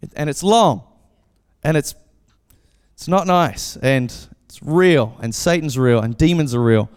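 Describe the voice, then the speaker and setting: Man, pastor, casual sermon, animated storytelling, high clear voice. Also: unhurried, long reverb tail. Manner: animated, acts out voices in anecdotes. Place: church.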